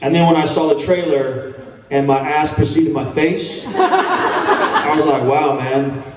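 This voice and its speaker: A man in his thirties tells stories to a convention crowd in a relaxed, chatty way, poking fun at himself. His voice sits a bit high. It rings through a big echoey hall, picked up from some distance. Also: takes it slowly. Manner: laid-back, chatty, self-deprecating, swears casually. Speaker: actor answering fan questions on a panel. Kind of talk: casual storytelling Q&A.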